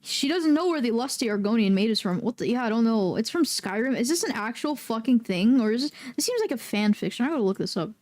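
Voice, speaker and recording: A woman's voice: a little high, animated, fast, hardly any pauses, darkish tone. A young woman streaming a game, chatting casually in a rambling, jokey, profane way. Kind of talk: casual livestream chat.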